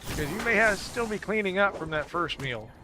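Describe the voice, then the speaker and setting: A man streaming a video game, chatting casually and jokily with viewers, thanking them and breaking into laughs and sudden loud exclamations. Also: high-pitched, lively intonation, normal speed, noisy background. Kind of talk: casual live-stream chat while gaming.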